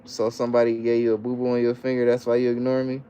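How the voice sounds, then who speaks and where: This livestream host speaks fast in a mid-range, monotone, mellow voice, with a little hiss or hum underneath. He reads viewers' comments aloud, repeats himself in loose slang, and stays coaxing and playful with his child.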